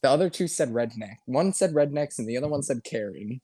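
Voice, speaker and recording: A man's voice: medium pitch, expressive, a little fast, mellow, no room sound, studio quality. A man co-hosting a podcast, talking in laid-back, casual banter. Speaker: podcast co-host.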